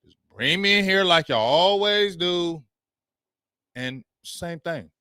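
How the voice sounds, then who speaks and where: Man, sports show host, ranting, slangy, bright crisp tone, dry recording. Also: high-pitched, takes it slowly, dry recording. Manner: animated, slangy, reading viewer comments aloud.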